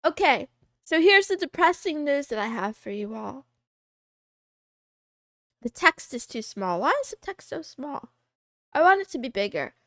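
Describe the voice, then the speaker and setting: A woman's voice: high-pitched, sing-song, normal speed, long pauses, fairly bright tone, no echo, clean studio sound. A woman in her twenties chatting casually on a livestream, rambling and giggly, often poking fun at herself. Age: 20s. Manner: rambling, giggly, self-deprecating. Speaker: streamer.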